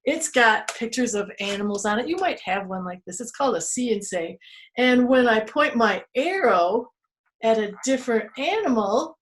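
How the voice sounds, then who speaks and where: A woman hosting a children's museum storytime lesson, playful and animated, making animal noises and sound words for young kids. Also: on the high side.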